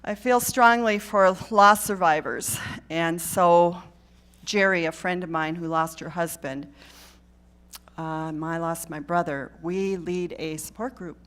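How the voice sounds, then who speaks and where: A woman's voice: fairly low pitch, takes it slowly, fairly bright tone, smooth. A woman giving a live talk to a church congregation, earnest and direct, often checking in with the listeners. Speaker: guest speaker at a church.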